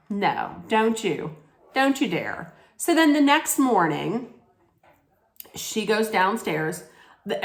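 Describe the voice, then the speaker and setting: A woman ranting in a casual recap vlog, blunt, scolding and full of profanity. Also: mid-range voice. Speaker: reality TV recap vlogger. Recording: echoey room.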